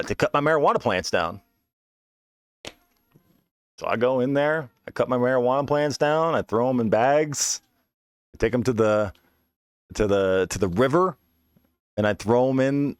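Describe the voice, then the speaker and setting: A man's voice: on the low side, dry recording, studio quality. A young man, telling a wild personal story as a podcast host in a rambling, profane way with many restarts. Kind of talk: casual storytelling monologue.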